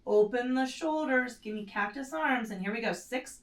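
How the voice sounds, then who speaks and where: A woman's voice: fairly high pitch, moderate pace, far from the mic. Woman pilates instructor, casual cues, strained breathing, roomy echo, a bit off-mic. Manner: cueing while doing the moves, strained short breaths; casual, self-correcting, with fillers. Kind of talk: guided exercise instruction. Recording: echoey room, set back from the mic.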